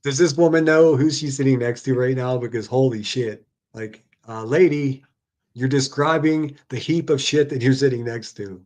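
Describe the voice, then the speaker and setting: A man's voice: mid-range voice, normal speed, darkish tone. A man hosting a live stream, who reacts to clips with profane, exasperated rants. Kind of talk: casual ranting commentary.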